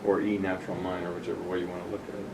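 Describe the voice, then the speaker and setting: A presenter demonstrating tuning software talks a small group through it step by step, patient and casual. His voice is deep, level, rapid-fire, and marked by vocal fry, and a distant room mic captures background noise.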